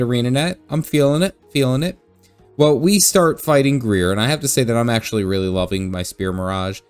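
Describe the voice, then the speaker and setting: Man, gaming recap vlog, casual and jokey, laughs a lot, lowish voice. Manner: jokey and chatty, laughs often. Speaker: gaming video creator. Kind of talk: casual game playthrough recap.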